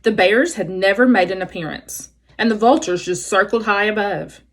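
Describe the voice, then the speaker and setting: A woman's voice: mid-range voice, normal speed, fairly bright tone. A woman teacher reading a children's novel aloud expressively, adding brief explanations for her listeners.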